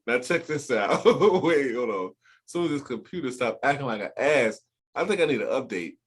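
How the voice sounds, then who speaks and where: A man hosting a casual chat show, talking in an animated way, laughing often and swearing freely. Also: mid-range voice, normal speed, breathy edge. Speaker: podcast host.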